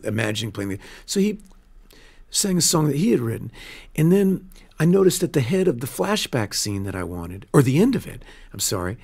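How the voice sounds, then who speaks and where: In a casual interview in a radio studio, a film director tells stories with earnest, animated energy, frequently starting his sentences over. He has a gravelly, mid-range voice.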